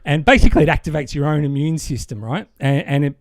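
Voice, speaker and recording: A man's voice: on the high side, quick pace, dry recording. An Australian man co-hosting a podcast, explaining things at length in an enthusiastic, rambling way. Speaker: podcast co-host. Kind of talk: casual chat.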